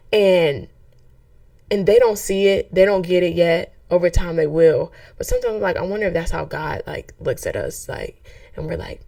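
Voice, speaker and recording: A young adult woman hosting a faith podcast, talking in a lively, conversational way and acting out quoted voices. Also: fairly low pitch, moderate pace, no room sound, clean studio sound, distant mic. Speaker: podcast host; track coach.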